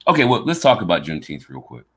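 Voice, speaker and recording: A man's voice: sits low, wildly swooping pitch, fast, a bit bright, breathy edge. A man in his fifties from the American South, with a slight Southern drawl, hosting a podcast in a rambling, casual way and often repeating words as he gathers his thoughts. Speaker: podcast host. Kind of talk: casual conversation.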